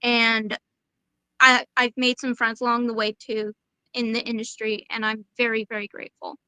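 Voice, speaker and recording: A young woman in her twenties with a high, bright and clean-sounding voice, speaking as a guest on a podcast. She talks in a casual, halting way, full of fillers and restarts, and the recording is dry and close. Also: level tone, clean tone, no room sound, poor audio. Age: 20s. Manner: hesitant, many fillers and restarts. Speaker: interview guest. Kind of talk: casual interview chat.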